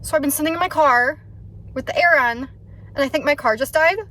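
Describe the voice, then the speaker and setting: High-voiced frazzled woman vlogger. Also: fairly quick, bright, forceful tone. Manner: chatty, frazzled, laughs often. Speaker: concert vlogger. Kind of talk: casual vlog talk to camera. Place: parked car in a parking garage.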